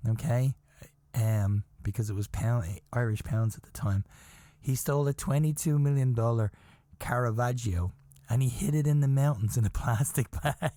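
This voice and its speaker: A man's voice: mid-range voice, normal speed, no echo. Chuckling man telling a wild story. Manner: animated, chuckling, swears, keeps insisting the tale is true. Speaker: podcast host. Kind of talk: casual storytelling.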